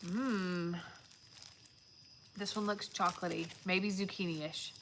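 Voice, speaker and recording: Gravelly emotional woman vlogger. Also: on the low side, fairly even intonation, slow pace. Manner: emotional, often near tears, chatty. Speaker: vlogger opening viewer gifts. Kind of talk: casual live-stream chat. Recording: loud background noise with crinkling.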